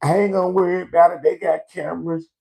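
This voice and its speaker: A woman's voice: lowish voice, fairly even intonation, fast, creaky, warm tone, voice pushed up. A man voicing a stubborn young female store cashier, defiant and self-assured.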